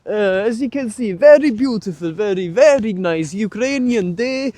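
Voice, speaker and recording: A man's voice: sits high, lively intonation, moderate pace, darkish tone, no room sound, voice pushed up. A man putting on a joking mock Russian accent to play a boastful, proud Soviet patriot. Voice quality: hammy, over-the-top patriotic.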